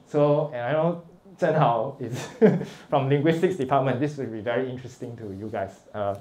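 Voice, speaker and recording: A middle-aged man from Singapore with a Singaporean English accent, giving a lively, informal lecture as a guest professor, chuckling often and checking in with his listeners. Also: medium pitch, normal speed.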